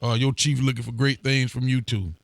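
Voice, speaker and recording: A man's voice: mid-range voice, little pitch movement, a little fast, gravelly, dry recording. A man, a sheriff hosting a local live talk show, chatting casually and greeting viewers by name. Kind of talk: casual live-stream chat reading viewer comments.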